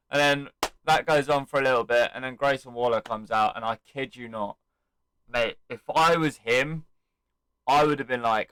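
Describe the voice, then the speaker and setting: A man's voice: medium pitch, steady tone, moderate pace, fairly bright tone, clear, resonant tone, no room sound, poor audio. A young man recapping an event he attended, telling it animatedly and acting out the quotes and chants. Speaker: wrestling fan vlogger. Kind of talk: excited casual recap.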